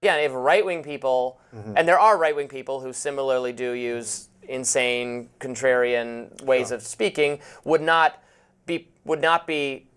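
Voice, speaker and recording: A man speaking on a panel in a played clip, measured and hesitant, restarting his sentences. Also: medium pitch, fairly bright tone, clean tone. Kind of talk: panel discussion.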